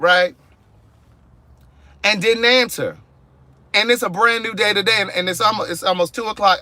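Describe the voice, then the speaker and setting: A man tells a fed-up customer service story in a casual car vlog. His voice is bright and forceful, pitched a bit high, with dry, close sound. He is sassy and theatrical, mimicking both sides of the phone call. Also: no room sound. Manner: animated, acts out both sides of phone calls; sassy, exasperated. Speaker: vlogger telling a story. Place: inside a car.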